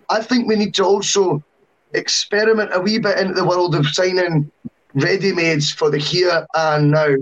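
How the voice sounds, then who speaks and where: A man's voice: fairly high pitch, low-quality recording. A man co-hosting a football podcast, chatty and long-winded, full of asides. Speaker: podcast co-host. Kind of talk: casual football podcast chat.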